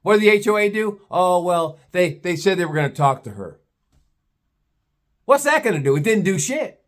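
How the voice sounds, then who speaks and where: A man's voice: high-pitched, very animated, normal speed. Profane, scornful man ranting a story. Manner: acts out other people in put-on voices. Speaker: vlogger.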